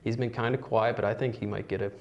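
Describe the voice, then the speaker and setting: Low-voiced young man co-hosting. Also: fairly even intonation, fast talker, a little mellow, lo-fi sound. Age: young adult. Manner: brief backchannel replies and short opinions. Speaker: co-host. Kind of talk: casual sports talk.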